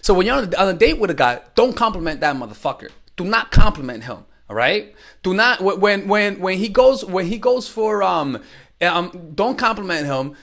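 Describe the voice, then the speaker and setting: A young man with a high-pitched, creaky voice speaks at normal speed in a direct-to-camera advice talk. He coaches women on dating, blunt, profane and animated, acting out bits of quoted dialogue.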